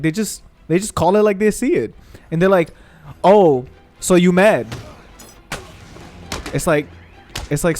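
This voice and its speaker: A young man with a slightly high voice rants through his gameplay commentary, swearing freely and getting worked up. His delivery is loose and animated. Faint game music plays underneath. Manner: profane, animated ranting with mocking voices. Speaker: gaming streamer. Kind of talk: casual gameplay commentary rant.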